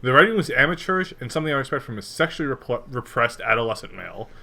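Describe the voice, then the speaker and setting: A man's voice: medium pitch, animated, very fast, vocal fry, bright, forceful tone. Laughing, joking podcast man. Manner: laughing, joking, reads reviews aloud mockingly. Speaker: podcast co-host. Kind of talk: casual comedic chat.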